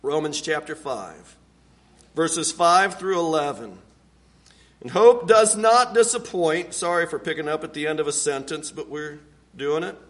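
A man preaching a sermon, earnest and deliberate, dropping to a hushed low voice on key words. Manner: unhurried, deliberate delivery with pauses. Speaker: pastor.

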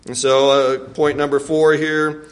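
A man teaching a Bible lesson in an animated way, acting out scripture and laughing often. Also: on the high side, unhurried.

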